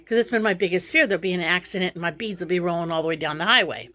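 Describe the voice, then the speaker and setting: A woman's voice: fairly low pitch, rapid-fire, bright, forceful tone. A middle-aged woman chatting casually to her vlog viewers, rambling and laughing through her frustration. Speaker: vlogger.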